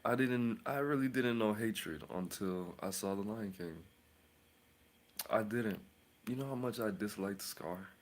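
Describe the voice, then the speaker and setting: A man's voice: fairly low pitch, measured pace. A man hosting his own channel as a tarot reader, rambling and boasting in a casual rant, mocking with sudden whispers and outbursts.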